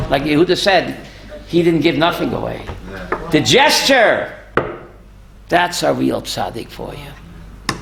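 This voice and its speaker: A man, a rabbi, telling stories in a lively talk and quizzing his listeners. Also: on the high side, measured pace, creaky, long pauses, noisy background. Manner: animated, asks the audience questions. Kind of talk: storytelling Torah talk with audience.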